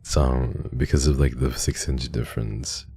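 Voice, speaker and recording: A man's voice: extremely low pitch, steady tone, a little slow, vocal fry, warm tone, breathy edge. A man streaming live, chatting casually and telling a rambling story with lots of restarts. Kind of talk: casual livestream chat.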